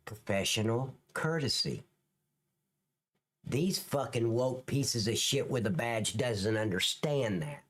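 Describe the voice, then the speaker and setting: Male streamer in reaction mode: coarse, scornful, loud, mid-pitched voice. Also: lively intonation, slow. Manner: profane, scornful, loud ranting. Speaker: live-stream commentator. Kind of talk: ranting reaction commentary.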